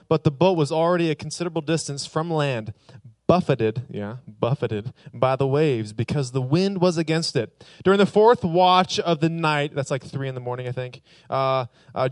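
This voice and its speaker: A man's voice: fairly high pitch, dry recording. A young man giving a casual, joking sermon to a youth group. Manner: joking, chatty, conversational. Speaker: youth pastor.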